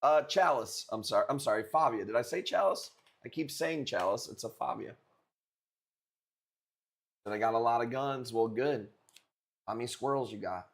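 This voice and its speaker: A man's voice: mid-range voice, normal speed, gravelly, pauses often. A young man hosting a live stream coral auction, chatting casually and cracking crude jokes with viewers. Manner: joking, rambling, crude banter with chat.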